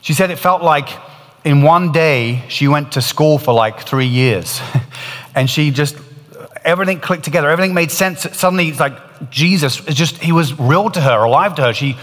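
A man's voice: a little high, moderate pace, fairly bright tone. Earnest preaching man with hall reverb. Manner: earnest, emphatic, rises and drops in intensity. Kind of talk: sermon storytelling.

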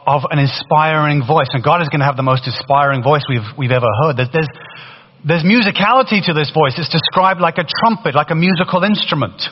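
Loud, animated preacher in a reverberant hall. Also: male voice, on the high side. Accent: faded British. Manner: animated, conversational preaching with frequent restarts. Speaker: pastor. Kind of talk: sermon. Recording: dull sound in a long-reverb hall.

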